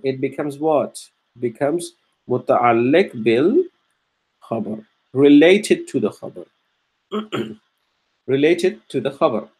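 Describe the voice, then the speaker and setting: A man teaching Quranic Arabic grammar, explaining step by step with frequent restarts and throat-clearing, and chanting verses between explanations. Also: fairly high pitch, darkish tone. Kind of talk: grammar lesson.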